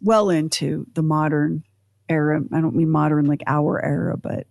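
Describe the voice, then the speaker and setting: A woman co-hosting a podcast, in chatty, animated casual talk full of fillers and asides. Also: deep voice, moderate pace, creaky, no room sound, studio quality. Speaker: podcast co-host. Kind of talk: casual chat.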